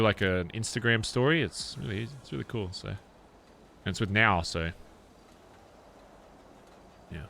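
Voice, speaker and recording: A man's voice: medium pitch, sharp tone. A man streaming and chatting casually with his viewers, rambling with plenty of swearing and fillers.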